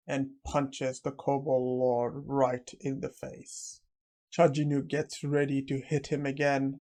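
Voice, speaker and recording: Male recap narrator, monotone, dark mellow timbre, unhurried. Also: mid-range voice.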